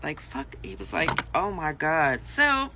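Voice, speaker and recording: A woman's voice: low voice, huge pitch swings, unhurried, background noise. A woman vlogger telling a casual storytime monologue, chatty and blunt, swearing freely.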